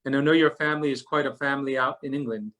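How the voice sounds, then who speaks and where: A man's voice: mid-range voice, steady tone, fast, a bit bright. A man giving a genial, friendly introduction to open a video call. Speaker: opening host.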